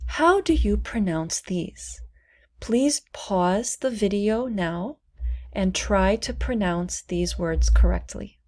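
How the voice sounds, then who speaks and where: Very slow, deliberate woman English teacher. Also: mid-range voice, expressive, mellow. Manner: over-articulates each word, repeating it twice. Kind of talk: slow, deliberate pronunciation lesson.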